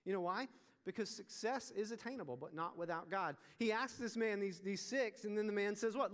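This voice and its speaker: A young man preaching with a high, lively voice that rings through a big hall. He keeps throwing questions at his audience and pushes his points home. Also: moderate pace. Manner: animated, asks the audience questions. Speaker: youth pastor. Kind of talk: sermon. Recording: long reverb of a large hall.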